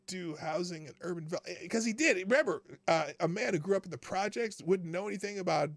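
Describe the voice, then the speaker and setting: A man's voice: sits high, vocal fry, dry recording. A man hosting a live political talk stream, talking casually and laughing often, greeting viewers by name.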